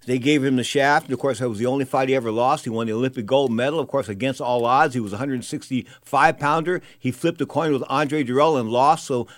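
A man hosting a boxing radio show, telling rambling, animated stories in casual talk. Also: medium pitch, brisk, few pauses, no echo.

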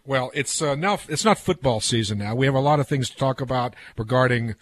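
Fast, husky-voiced radio co-host man. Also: mid-range voice, no room sound. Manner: rapid, restarts, drives the topic. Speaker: radio sports talk co-host. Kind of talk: casual studio banter. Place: radio studio. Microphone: studio microphone.

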